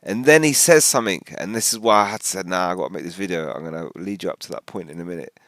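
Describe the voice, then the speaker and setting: Man, low pitch, casual commentary, rambling, dry close sound. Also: fast, dry recording. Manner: rambling, animated, with many restarts. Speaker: video commentator.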